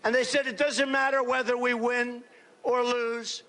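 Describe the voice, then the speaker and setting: This campaign rally speech comes from a male candidate with a very high voice and a flat, unhurried delivery. He boasts and rambles across the large rally space, repeating punchy short phrases and often shouting.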